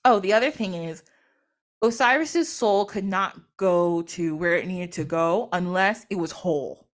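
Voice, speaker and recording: A woman's voice: lowish voice, measured pace. A woman retelling a myth in casual storytelling style, chatty, acting out the characters through quoted dialogue. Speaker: podcast host or guest.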